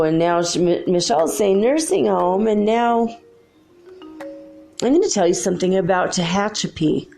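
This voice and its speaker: A woman's voice: on the low side, vocal fry. A middle-aged woman hosting a show, telling a ghost story in a casual way, laughing often and acting out the voices of the people in it. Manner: animated, laughs often, acts out quoted voices. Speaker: podcast host.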